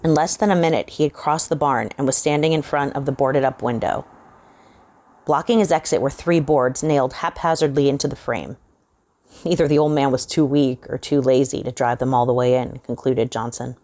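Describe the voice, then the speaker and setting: Casting: woman with a strikingly low voice, reading a horror tale slowly and with suspense. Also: steady tone, a little mellow. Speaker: host and reader. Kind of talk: dramatic horror story reading.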